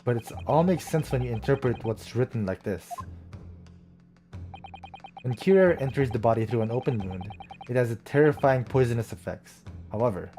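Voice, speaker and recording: Male streamer doing all the dialogue voices in a game playthrough; faint game music underneath. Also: mid-range voice. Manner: switches between character voices, excitable reactions.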